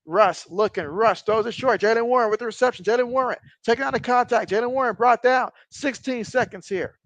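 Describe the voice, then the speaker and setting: Excitable high-voiced man calling plays. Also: fairly quick, dry recording. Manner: excitable, gets louder and higher during plays; reads viewer chat aloud. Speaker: livestream host. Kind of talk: watch-along play-by-play commentary.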